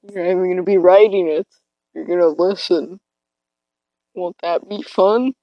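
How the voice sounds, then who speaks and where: A woman's voice: on the low side, steady tone, moderate pace, dry recording, muffled recording. A teenage girl rambling hesitantly into her phone from her bed late at night, self-deprecating, her voice cracking now and then. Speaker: podcaster. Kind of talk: casual rambling monologue.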